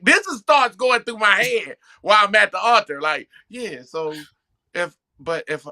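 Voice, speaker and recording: A man's voice: high voice, expressive, unhurried, creaky, sharp tone. A man on a talk show casually telling a joking story, rambling through his thoughts. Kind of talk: casual chat.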